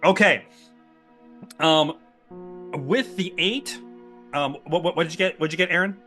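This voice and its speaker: A man narrating a tabletop game as game master, animated and often laughing. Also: fairly high pitch, measured pace, faint music behind.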